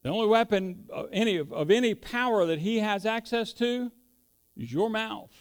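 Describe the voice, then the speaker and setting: A man's voice: high-pitched, normal speed, clear, resonant tone. A middle-aged man preaching a sermon, mixing folksy storytelling with emphatic declarations. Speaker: pastor.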